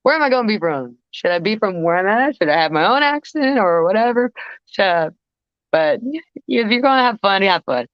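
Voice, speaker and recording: On a podcast, a guest vocalist chats casually in a mid-range voice, animated and at a normal pace. Her stories ramble, and she keeps interrupting herself. There's no echo, though the dry recording is a bit muffled.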